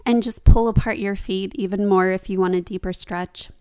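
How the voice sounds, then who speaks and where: A woman's voice: mid-range voice, fairly even intonation, moderate pace, mellow, clean tone. A young woman talking casually over her own yoga practice as a vlogger, chatty and laughing at herself.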